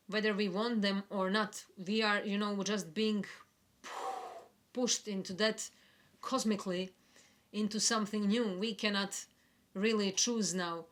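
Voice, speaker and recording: Slow, reflective woman giving a spiritual forecast. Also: medium pitch. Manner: slow, reflective, gentle with soft laughs. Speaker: astrology forecaster.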